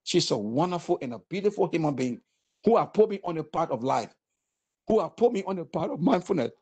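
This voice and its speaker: A man in his sixties, a war veteran from Africa, telling his story earnestly in a halting way with many repeated words. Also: a little high, sing-song, dark tone, slightly rough. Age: 60s. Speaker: interview guest, war veteran. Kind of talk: emotional personal testimony.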